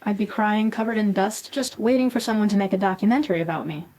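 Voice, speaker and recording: A woman's voice: mid-range voice, quick pace, darkish tone, poor audio. A woman co-hosting a scripted podcast, giving sassy, dramatic reactions. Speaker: co-host.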